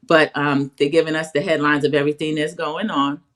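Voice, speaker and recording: A woman's voice: sits low, little pitch movement, fairly quick, a bit bright. A woman co-hosting an online talk show, recapping a reality series in a chatty, opinionated way. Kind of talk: casual recap chat.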